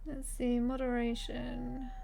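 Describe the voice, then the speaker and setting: A woman's voice: fairly high pitch, level tone, takes it slowly, vocal fry, dark tone, slight background noise. A woman streaming a game, reading quest text aloud in character voices and chatting casually with her viewers.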